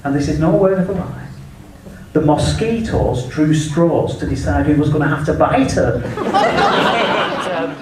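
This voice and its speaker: Fairly high-pitched and unhurried, often pausing, a northern English comic fires off bawdy one-liners on a club stage and laughs along with them. The recording is echoey and distant, with the audience and background noise audible.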